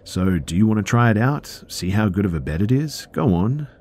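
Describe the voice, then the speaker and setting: A man's voice: low voice, expressive, brisk, mellow, a little hiss or hum. A man voicing a creepy, manipulative young man who coaxes and teases. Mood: wheedling. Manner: wheedling, teasing.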